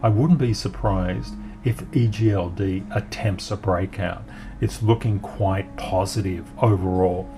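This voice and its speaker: A man's voice: low voice, fairly even intonation, a little slow, over music. A man hosting an upbeat market chart commentary, talking in an encouraging way and cheering the charts on. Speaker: crypto market analyst host.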